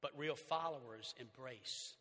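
A male pastor with a Southern accent preaching a sermon in a church, animated, swinging from loud to hushed. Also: medium pitch, unhurried. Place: church sanctuary. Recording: long church reverb.

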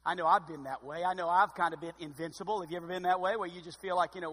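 A man preaching a sermon as pastor, expressive and dryly sarcastic, with loud emphatic bursts and quiet asides. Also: sits high, fast talker, few pauses, big-room sound.

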